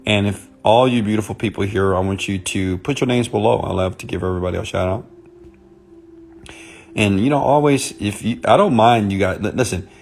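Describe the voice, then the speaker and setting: A man speaking softly and intimately on a live stream, greeting viewers by name as a motivational speaker. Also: fairly low pitch. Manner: soft, intimate on purpose; chatty, greets commenters by name.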